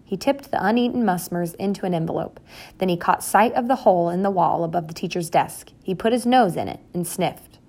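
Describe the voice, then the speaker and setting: A woman narrating a children's storybook in a calm, even manner. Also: on the low side, fairly quick, gravelly. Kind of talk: audiobook narration.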